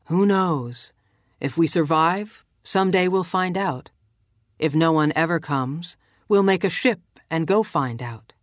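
A woman narrator voicing a calm, proud man in a lowered, measured, quiet way, from an audiobook. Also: no room sound, clean studio sound. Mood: yearning.

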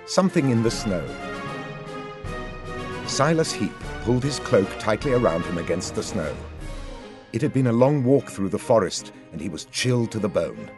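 A man narrating an audiobook with expressive storytelling. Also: lowish voice, moderate pace, music in the background. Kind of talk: scripted narration.

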